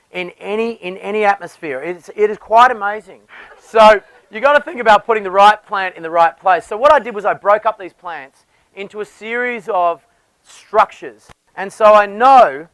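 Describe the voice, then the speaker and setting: A man's voice: sits high, a bit bright, no room sound, poor audio. A man, a landscape designer, explaining garden design with enthusiasm and often restarting his phrases.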